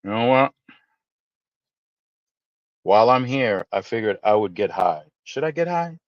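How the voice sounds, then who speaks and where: A man hosting a live stream, chatting casually with viewers and teasing them in playful, animated asides. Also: on the low side, unhurried, no room sound, lo-fi sound. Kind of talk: casual chat reading viewer comments.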